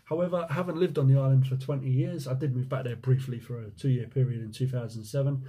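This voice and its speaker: Talking fast at medium pitch, a window cleaning business owner fields viewer questions in a laid-back Q&A vlog. His husky, relaxed voice carries a Jersey accent blended with time in the USA. Chatty and joking, he reads each question out and hums as he scrolls.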